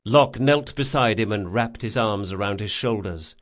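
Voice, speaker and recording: A man's voice: on the low side, normal speed. A man narrating a novel as an audiobook reader, with scripted, storytelling delivery.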